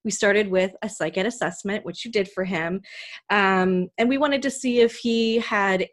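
A woman's voice: mid-range voice, normal speed. A woman from Canada hosting a podcast interview, talking in an earnest, heartfelt way about a personal story. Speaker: podcast host. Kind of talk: emotional conversational interview.

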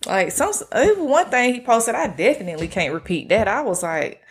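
A woman hosting a podcast solo, talking in a relaxed, slangy way with a flat, monotone delivery and casual swearing. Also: on the high side, normal speed, few pauses, slightly rough. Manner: self-described monotone delivery. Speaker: podcast host.

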